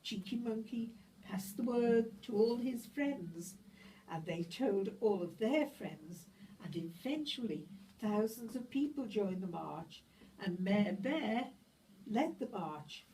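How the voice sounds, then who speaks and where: Puppet-show narrator, woman, slow and expressive, recorded from a distance with soft hiss. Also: mid-range voice. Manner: slow, expressive, exclamatory storytelling. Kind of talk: children's puppet show storytelling. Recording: distant mic, faint room hiss.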